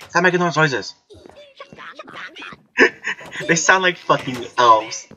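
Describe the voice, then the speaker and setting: A woman's voice: deep voice, lively intonation, takes it slowly, pauses often, bright, forceful tone. A woman doing let's play commentary, chatty with herself and screaming and swearing whenever she gets startled. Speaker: gamer. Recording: slightly dull lo-fi recording.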